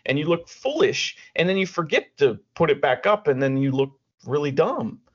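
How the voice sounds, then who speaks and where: A man's voice: a little high, sing-song, moderate pace, husky. A man co-hosting a podcast in casual chat, ranting with lots of profanity and restarts. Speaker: podcast co-host. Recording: dull lo-fi audio.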